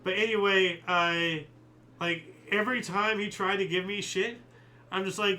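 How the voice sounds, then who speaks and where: A man's voice: high voice, fairly even intonation, unhurried, bright, forceful tone, rough recording. A man hosting a daily history livestream in casual chat. He reads out dates and adds rambling, joking asides with mild swearing. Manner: punches out each year before the entry. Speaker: host of a daily history stream.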